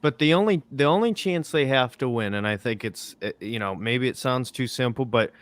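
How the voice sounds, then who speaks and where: Smooth-voiced man on a sports panel. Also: mid-range voice, normal speed, no echo. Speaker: radio panelist. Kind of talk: casual sports talk.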